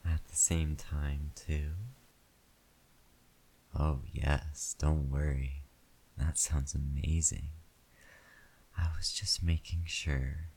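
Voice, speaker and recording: Very deep gravelly man in whispered role-play. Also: flat delivery, darkish tone. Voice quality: breathy whisper, moaning. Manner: slow, intimate, second-person address. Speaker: erotic audio performer.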